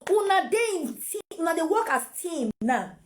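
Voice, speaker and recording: A woman's voice: very high-pitched, very animated, moderate pace, a little hiss or hum. A Nigerian woman and mother giving casual parenting advice to camera, repeating phrases and mixing in pidgin.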